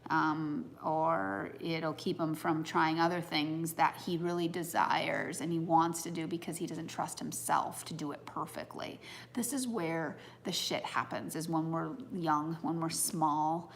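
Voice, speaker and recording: An earnest woman in her thirties speaks in a fairly low voice, musing aloud in a casual talk on personal growth. Her delivery is heartfelt and reflective, with faint background noise. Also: fairly even intonation, unhurried.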